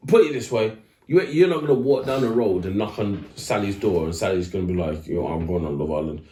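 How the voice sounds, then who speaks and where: A man's voice: brisk, slight background noise. A man co-hosting a podcast, telling a story in casual chat and acting out the people in it. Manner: animated storytelling, acts out voices with big pitch jumps. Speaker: podcast co-host. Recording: roomy echo.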